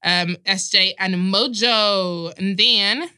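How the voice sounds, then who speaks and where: Bright, dry-voiced woman host. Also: mid-range voice, slow pace, smooth, no echo. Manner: giggly, teasing, loud bursts. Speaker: podcast host. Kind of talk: casual chat. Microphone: studio mic.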